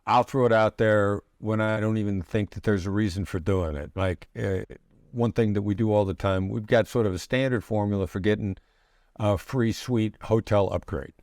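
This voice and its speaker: A middle-aged man, a negotiation expert guest in an interview, explaining his ideas in a measured way with pauses and restarts. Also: on the low side, fairly even intonation, darkish tone, no echo, clean studio sound. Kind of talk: conversational interview answers.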